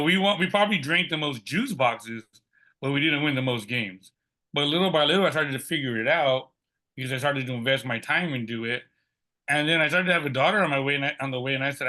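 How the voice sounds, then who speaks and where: A middle-aged man, a podcast guest, telling a personal story in a lively way and acting out the quoted dialogue. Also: mid-range voice.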